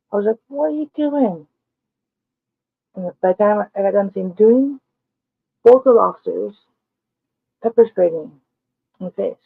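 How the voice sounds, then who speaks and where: A woman's voice: medium pitch, vocal fry, husky, no echo. A woman vlogger telling a story in a blunt, emphatic way, with frequent cursing. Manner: blunt, profane, emphatic retelling. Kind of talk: casual storytelling. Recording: tinny phone-like sound, dry.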